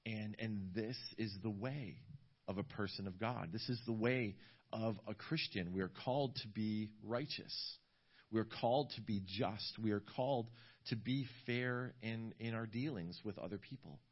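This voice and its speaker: Lower-pitched male pastor preaching. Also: moderate pace, highs cut off. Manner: conversational preaching with many restarts, rising into animated storytelling. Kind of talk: sermon. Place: church service in a community center.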